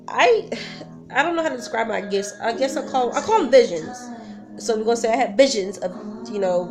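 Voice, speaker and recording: A woman telling a personal story in a casual vlog, rambling, nervous and emotional, often breaking off mid-sentence. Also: medium pitch. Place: at home with a song playing. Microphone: camera mic. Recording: music playing loudly in background.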